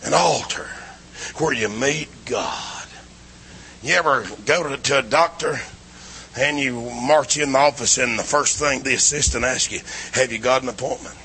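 A man preaching a revival sermon in a church, swinging between shouting and low, hushed lines. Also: a little slow, gravelly, a little hiss or hum. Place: church building.

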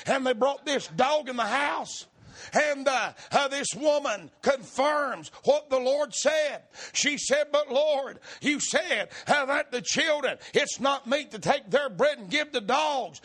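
Husky high-pitched shouting preacher. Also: male voice. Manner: shouted, rhythmic preaching that drops to quiet storytelling. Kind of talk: sermon.

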